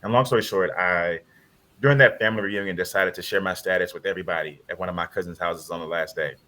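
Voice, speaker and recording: A man with a low voice tells a personal story on a video-call panel. His tone is bright and forceful. He speaks earnestly and with feeling, often acting out what others said. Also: fairly even intonation, quick pace. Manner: earnest, heartfelt retelling with quoted dialogue.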